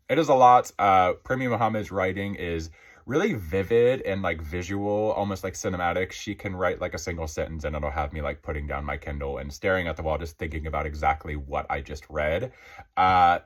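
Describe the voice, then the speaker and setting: A man's voice: sits low, moderate pace. A man chatting casually about books he loved, a little out of breath as he gets over being sick, filling his talk with lots of "like" and "um". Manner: rambling, filler-heavy, many "like" and "um". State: out of breath, recovering from illness. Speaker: book reviewer. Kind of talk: casual book review chat.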